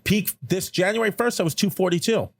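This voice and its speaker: Quick, rather high talk from a man co-hosting a comedy podcast. He tells an animated story, often breaks into laughter and keeps slipping into quick voices for the people in it. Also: vocal fry. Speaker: podcast co-host.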